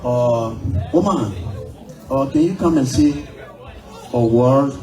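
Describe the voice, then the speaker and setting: A man acting as master of ceremonies introduces the next speaker in an unhurried, hesitant way at a memorial. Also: mid-range voice, mellow, some chatter behind. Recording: roomy hall from far off, faint music.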